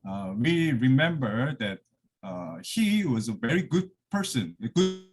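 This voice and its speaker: Husky and mid-range, this man's voice swings widely in pitch and moves a little slowly. He's a guest lecturer from Korea, a first-language Korean speaker, giving an academic lecture on a video call from his office, slightly breathless and peppered with fillers and restarts.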